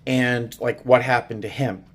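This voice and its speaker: Soft-spoken middle-aged man rambling heartfelt. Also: mid-range voice, flat delivery, unhurried. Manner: rambling, heartfelt, with many fillers and restarts. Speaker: vlogger. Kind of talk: casual personal vlog. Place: small home studio room at night.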